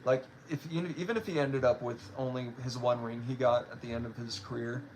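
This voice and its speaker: A man's voice: mid-range voice, steady tone, a little fast, darkish tone, slight background noise, rough recording. A young man in casual chat, rambling with many fillers while he opens trading cards. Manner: rambling, filler-heavy, with restarts. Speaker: card-opening vlogger.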